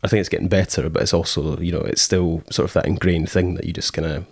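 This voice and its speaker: A man's voice: deep voice, flat delivery, quick pace, creaky, darkish tone, slightly rough, no room sound, studio quality. A Scottish man in casual conversation, rambling with many fillers and acting out quoted thoughts as he tells stories. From Scotland. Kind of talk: casual chat.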